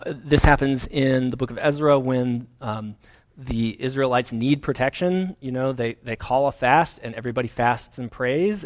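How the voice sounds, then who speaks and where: A man preaching a sermon as pastor, earnest and conversational, with fillers and restarts. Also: mid-range voice.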